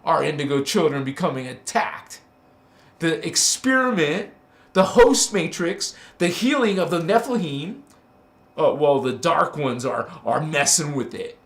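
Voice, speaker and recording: A man's voice: sits high, fairly bright tone, roomy sound. A man hosting a casual spiritual livestream, teasing and emphatic, laughing often as he talks to viewers.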